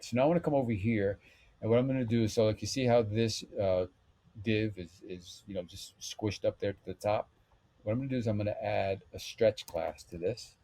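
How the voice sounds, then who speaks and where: A man with a low, mellow voice walks through a website rebuild step by step in a screen-recorded tutorial. He speaks in a relaxed, unhurried way, with plenty of ums and okays. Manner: relaxed step-by-step talk with fillers. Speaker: web developer tutorial host.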